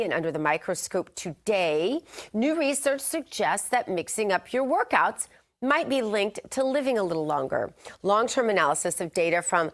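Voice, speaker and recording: A woman co-hosting a morning news show, chatting casually and reading health news in an upbeat, chatty way from a studio. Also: lowish voice. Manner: chatty, upbeat, laughs easily. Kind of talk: casual chat and read health news segment.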